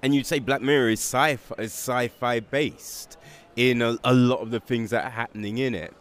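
A man's voice: medium pitch, normal speed. A man interviewing a guest, asking loose, informal questions with fillers. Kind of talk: casual interview.

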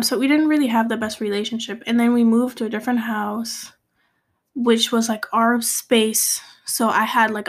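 A young woman from Cape Verde talks through a hurtful chapter of her life in a loose, confessional vlog style. Her voice sits a touch high. She rambles with fillers and restarts and drops to a hushed whisper here and there. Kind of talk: casual confessional storytelling.

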